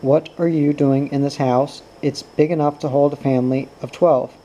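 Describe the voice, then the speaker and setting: A man's voice: a little high, fairly even intonation, normal speed, dark tone, natural voice, rough recording. A man reading the lines of a bitter, guarded young mother, with curt, cutting replies. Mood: cold.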